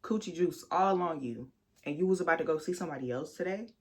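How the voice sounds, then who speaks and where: A young woman telling a personal story on her vlog, talking frankly and with lots of swearing, speaking straight to her viewers and sometimes bursting into loud, high outrage. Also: fast. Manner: candid, profane storytelling that addresses viewers directly. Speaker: vlogger.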